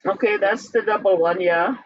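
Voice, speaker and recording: A woman teaching a language class, breaking words into syllables and repeating them slowly and patiently. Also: mid-range voice, no room sound, muffled recording. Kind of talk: slow, patient classroom instruction.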